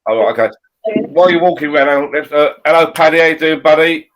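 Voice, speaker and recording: A man's voice: on the high side, fast, fairly bright tone. Chatty man hosting a stream. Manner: chatty, jokey, greets viewers by name. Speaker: live stream host. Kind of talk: casual chat.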